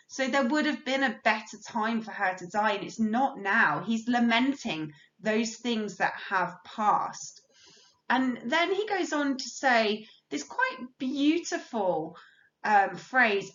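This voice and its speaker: A woman's voice: on the high side, very animated, slow pace, a bit bright. A woman teacher explaining a play in a recorded lesson, reading quotations aloud and talking through their meaning in plain, explanatory language. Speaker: English teacher. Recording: roomy, dull lo-fi sound.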